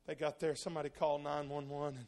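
A man preaching a sermon, telling a story and building into loud, impassioned preaching. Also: a little high, little pitch movement, quick pace.

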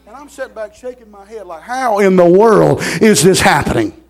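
A middle-aged man, preaching a sermon in a folksy storytelling manner, repeating words and rising to shouts. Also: sits high, big pitch swings, moderate pace, creaky.

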